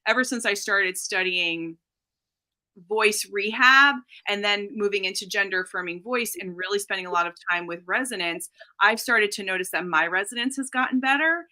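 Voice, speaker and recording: Woman voice coach guest, bright and clear, explains and demonstrates resonance. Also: medium pitch, moderate pace. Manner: demonstrates voice placement while explaining. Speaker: speech-language pathologist guest. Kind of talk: explanatory interview talk.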